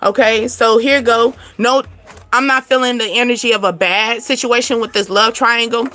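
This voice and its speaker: Woman w doing a card reading, chatty and repetitive, kinda high bright voice. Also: steady tone, normal speed. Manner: chatty, repetitive, laughs often. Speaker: tarot card reader. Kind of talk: casual spiritual card reading.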